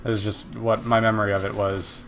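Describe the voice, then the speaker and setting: A man's voice: on the low side, flat delivery, brisk, creaky, fairly bright tone. A young man hosting a casual video game playthrough, rambling and making self-deprecating jokes as he plays. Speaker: gaming video host. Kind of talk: casual let's-play commentary.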